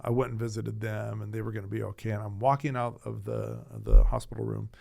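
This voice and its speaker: A middle-aged man, a hospital chaplaincy director, telling a story in an earnest, animated conversational way. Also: lowish voice, a little fast, gravelly. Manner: earnest, animated storyteller who voices others.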